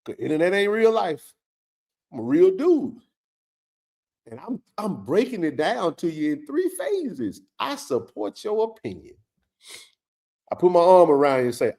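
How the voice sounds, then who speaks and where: Male stream host, high and lively voice, fiery preachy rant. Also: unhurried, pauses often. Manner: fiery, preachy, colloquial, repeats himself for emphasis. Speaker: host of a college football show. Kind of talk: animated livestream rant.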